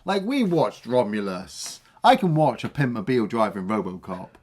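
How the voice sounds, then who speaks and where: A man's voice: medium pitch, big pitch swings, moderate pace, a little mellow. A man, co-hosting a film review podcast in a casual, enthusiastic chat. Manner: enthusiastic, hums tunes and acts out lines.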